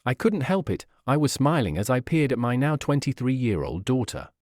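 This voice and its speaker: A man narrating a first-person story in an expressive reading voice. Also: medium pitch, normal speed, no room sound, clean studio sound.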